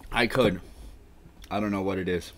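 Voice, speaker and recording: Low-pitched and a bit bright, his voice stays fairly even at a moderate pace, with a little hiss or hum in the recording. He hosts a casual livestream, reading chat aloud in a tired, dry-mouthed ramble brought on by the heat. He puts himself down and drifts off uncertainly, saying "I don't know."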